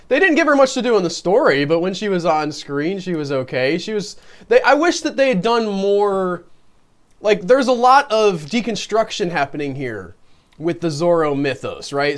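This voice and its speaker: A man with a notably high speaking voice, co-hosting a relaxed film review stream. He rambles, circles back on his own sentences and laughs often as he works through his points. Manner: rambling, frequent restarts and laughter. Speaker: podcast co-host. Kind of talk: casual movie review chat.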